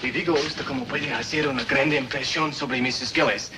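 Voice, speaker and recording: A man's voice: medium pitch, fairly even intonation, fast talker, background noise, natural voice. An actor playing a suave, courteous young South American man with a Spanish accent. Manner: formal, courteous. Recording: old TV soundtrack with loud music.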